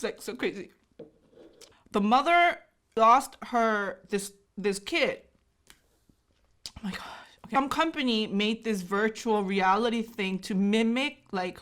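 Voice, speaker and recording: A woman's voice: mid-range voice, fairly bright tone. A woman in her thirties, a native Korean speaker, giving an emotional, gushing reaction commentary full of fillers. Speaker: YouTube host.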